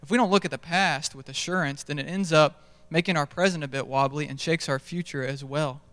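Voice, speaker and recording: Young man, casual storytelling preacher, fairly high clear voice, long church-hall reverb. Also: brisk, a bit bright. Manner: self-deprecating storytelling, conversational. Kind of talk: sermon. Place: large church stage.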